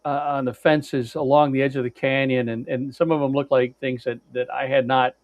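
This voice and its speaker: A man's voice: medium pitch, level tone, moderate pace, a little mellow, no room sound. A man co-hosting a podcast, casually telling a long road-trip story with lots of fillers and restarts and some blunt swearing. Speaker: podcast co-host. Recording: dry, dull lo-fi sound.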